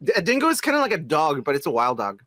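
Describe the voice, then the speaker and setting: A man's voice: on the high side, wildly swooping pitch, fast, fairly bright tone, dry recording, clean studio sound. A man co-hosting a podcast, chatting casually and teasing his partner. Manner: laughing, teasing sidekick. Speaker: podcast co-host. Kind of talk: casual chat.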